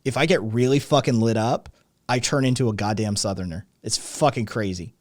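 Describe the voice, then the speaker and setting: A man with a Southern Tennessee accent talks loosely and swears at nearly every turn, hosting a casual podcast chat. His voice sits at an ordinary middle pitch. The recording is close and dry, with no room sound. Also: a little fast, dry recording. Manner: swears constantly, animated. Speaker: podcast host.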